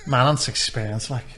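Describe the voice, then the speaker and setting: Man, podcast co-host, rambling chat, swears, mid pitch. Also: bright, forceful tone, slight background noise. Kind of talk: casual chat.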